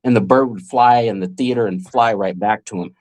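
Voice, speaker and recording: A man's voice: on the low side, a little fast, a little mellow. A man in his forties, a guest magician and former child actor, telling vivid anecdotes in a casual podcast chat.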